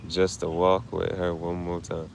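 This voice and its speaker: A man's voice: low voice, monotone, measured pace, vocal fry, a little hiss or hum. A man talking casually and emotionally, grieving, swearing and repeating himself in slang. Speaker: streamer.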